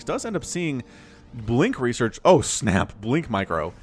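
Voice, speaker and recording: Calling a strategy game match alone, this man keeps his mid-range voice quick, playful and lively. His play-by-play is peppered with laughter and sound effects.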